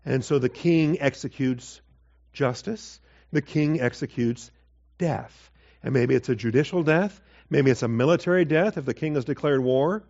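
A man's voice: mid-range voice, moderate pace, a little mellow, dull audio. Man teaching a Bible passage, chatty. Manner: conversational, with asides and acted quotes.

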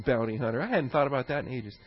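A man's voice: mid-range voice, slightly rough. Man teaching a conversational sermon. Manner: conversational, digressive teaching with anecdotes and chuckles. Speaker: pastor. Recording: slightly dull lo-fi sermon recording.

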